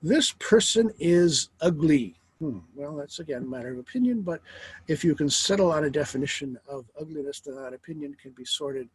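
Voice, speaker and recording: A middle-aged man teaching a philosophy lecture in a wry, lively way, asking rhetorical questions. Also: fairly high pitch, fast talker, creaky, husky, no room sound, rough recording.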